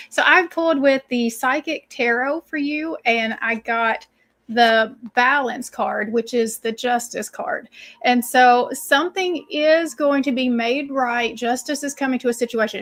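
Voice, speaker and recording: A woman with a fairly high voice reads a tarot card on a live stream. She is friendly and direct, and gives her advice plainly. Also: a bit bright. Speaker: co-host reading tarot.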